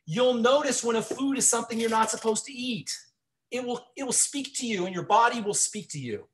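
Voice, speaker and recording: A man's voice: very high voice, fairly quick, a little hiss or hum. A man hosting a radio health show, giving earnest, encouraging advice to callers in a Q&A.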